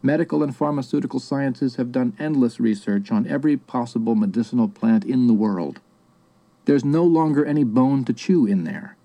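A man's voice: mid-range voice, warm tone, no echo, highs cut off, close to an everyday voice. A man reading the lines of a younger male professor who speaks in a scornful, professorial manner.

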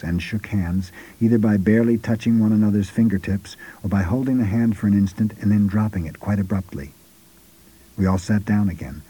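Brief: male narrator, measured scripted storytelling, deep mellow husky voice. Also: rough recording. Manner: measured, unhurried first-person storytelling.

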